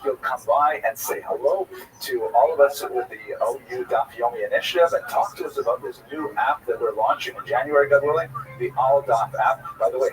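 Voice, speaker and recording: A middle-aged man, a rabbi giving a Talmud class, telling a personal anecdote in a rambling way with many fillers and restarts, a little flustered after rushing in. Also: mid-range voice. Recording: distant mic with faint noise.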